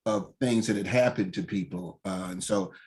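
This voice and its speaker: A man hosts an interview in a low voice. His talk meanders, with restarts and asides as he steers the conversation. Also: moderate pace, a little mellow. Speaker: host.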